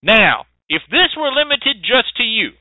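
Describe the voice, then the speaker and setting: A man's voice: extremely high pitch, big pitch swings, unhurried, no echo. A man hosting a radio show, lecturing emphatically, swearing often and repeating his points. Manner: emphatic, repetitive, profane, preachy. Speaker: radio show host teaching hoodoo rootwork. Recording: tinny dry phone-like line.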